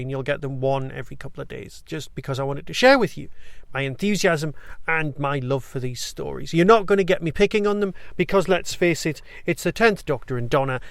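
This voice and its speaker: A man's voice: mid-range voice, gravelly, a bit bright, no room sound, studio quality. A man hosting his own podcast, reviewing in a chatty, enthusiastic way with rambling asides. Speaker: podcast host. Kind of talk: casual solo review.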